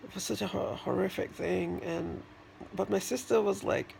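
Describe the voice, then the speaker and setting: A man with a high voice and heavy vocal fry recounts a personal memory in a casual vlog. He speaks haltingly and circles back, with lots of restarts and fillers. A faint hum of room noise sits behind him. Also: steady tone, darkish tone. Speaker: vlogger.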